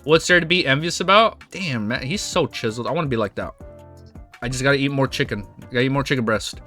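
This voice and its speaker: A young man with a raspy voice, casually reading a webtoon aloud and reacting, laughing often. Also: mid-range voice, fast talker, pushed and bright, faint music behind.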